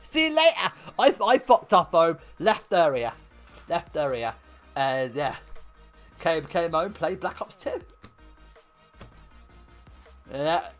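A young man livestreaming, telling a story to his chat in an animated way with lots of swearing and bursts of laughter. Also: a little high, slow, faint music behind. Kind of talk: casual storytelling to stream chat.

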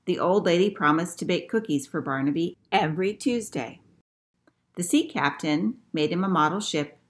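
A woman librarian reading a picture book aloud to children in an expressive storytelling manner. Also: fairly low pitch.

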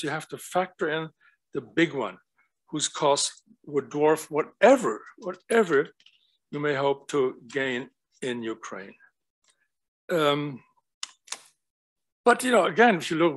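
A man delivering an academic talk in a slightly raised, husky voice. He tells stories with energy and keeps throwing rhetorical questions at the audience. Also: on the high side, rough recording. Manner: animated storytelling with rhetorical questions. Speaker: guest lecturer.

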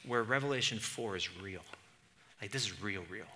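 A male pastor preaching a conversational sermon in church, moving from casual asides to loud, exasperated comic readings. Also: fairly low pitch, moderate pace, slight background noise.

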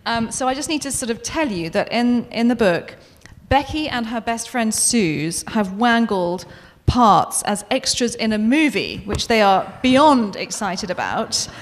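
A woman's voice: a little high, big pitch swings, a little slow, hardly any pauses. A British woman author in her forties, chatting in a self-deprecating way at a book event and reading from her novel.

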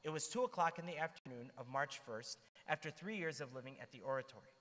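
A man telling the lives of saints to a church group in an animated storytelling manner, with asides to his listeners. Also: medium pitch, quick pace. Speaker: church speaker. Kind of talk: storytelling talk to a youth group. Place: church hall. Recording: long hall reverb.

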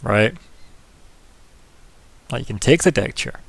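Gravelly laid-back game master. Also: male voice, mid-range voice, takes it slowly, no echo. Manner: relaxed, chatty, laughs often. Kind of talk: casual chat recapping a tabletop session.

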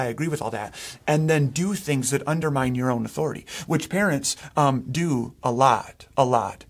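A man's voice: mid-range voice, breathy edge. A middle-aged man, a pastor, preaching a sermon in a casual, conversational way, often restarting his sentences and acting out what parents say.

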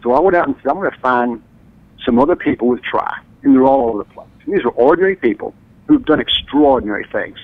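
A man talking as an author and radio guest, telling stories with enthusiasm and acting out quotes with big jumps in pitch. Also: lively intonation, fast talker, dry recording. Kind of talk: animated radio interview storytelling. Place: radio studio or phone line. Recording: dry tinny phone-line sound.

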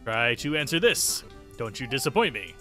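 A man's voice: mid-range voice, sing-song, moderate pace, pushed and bright, faint music behind, voice pushed down. A man reading the lines of a stern, demanding male village chief and mentor in a video game, in a blunt and impatient manner.

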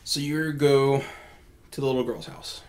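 A man's voice: mid-range voice, level tone, a little slow, slight background noise. A man narrating a tabletop game as game master, describing scenes in a casual, laid-back way.

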